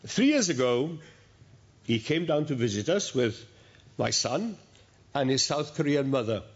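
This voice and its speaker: A man, addressing graduates at a university ceremony in a measured, storytelling manner with pauses. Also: mid-range voice, big pitch swings. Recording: dull lo-fi recording.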